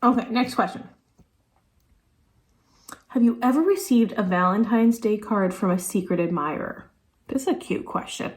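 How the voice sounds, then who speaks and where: A woman's voice: medium pitch, expressive, normal speed, long pauses. A woman in her thirties, a teacher and beauty vlogger, chatting casually and thinking aloud while doing her makeup. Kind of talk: casual makeup tutorial chat.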